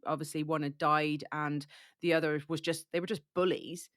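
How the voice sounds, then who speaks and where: A woman talks through a book in easy, rambling chat, her voice a little low and stuffy from a cold. She keeps restarting her sentences and leaning on "like". The sound is dry and close. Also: steady tone, normal speed, no room sound. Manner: chatty, lots of likes and restarts. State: has a cold, coughing. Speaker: book discussion co-host.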